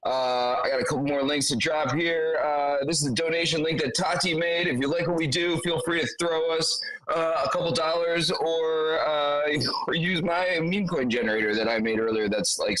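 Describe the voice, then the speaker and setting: A man's voice: on the high side, fairly bright tone, low-quality recording. A man hosting a casual livestream meetup, laid-back and slangy, thanking guests and rambling with many fillers. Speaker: host.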